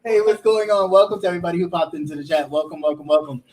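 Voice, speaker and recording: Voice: medium pitch, flat delivery, rapid-fire, darkish tone. A talk show host in casual chat, chatty and laughing easily, greeting a live chat audience.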